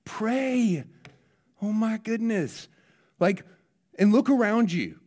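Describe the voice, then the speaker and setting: A man leads a church service and keeps asking the congregation questions. He talks in a lively way, and his voice sits a little above the usual male pitch. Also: unhurried. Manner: lively, asks listeners questions. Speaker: pastor. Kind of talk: children's message then sermon.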